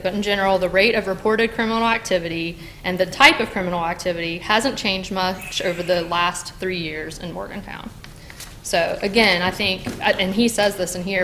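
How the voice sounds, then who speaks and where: A woman's voice: medium pitch, fairly bright tone, slight background noise. A woman giving heated public comment at a city council meeting, with many fillers and restarts as she addresses the council directly. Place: council chamber.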